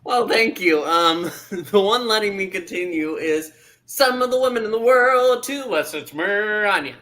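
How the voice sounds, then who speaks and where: A man's voice: high voice, a little slow, pushed and bright. A man hosting a casual comic reading chat, laughing often between jokes. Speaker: host.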